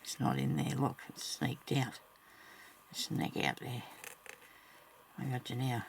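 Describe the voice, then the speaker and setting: Narrating her embroidery in a casual crafting vlog, a woman mutters to herself and talks to her viewers as she works. Her voice is rumbling low and creaky, she speaks a little slowly, and there is slight background noise.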